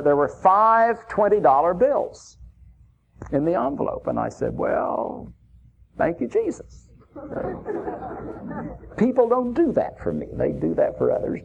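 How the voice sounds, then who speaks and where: A man's voice: mid-range voice, gravelly, slight background noise. A man preaching, telling a personal story in a folksy, chuckling anecdotal way. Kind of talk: sermon storytelling. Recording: dull lo-fi recording.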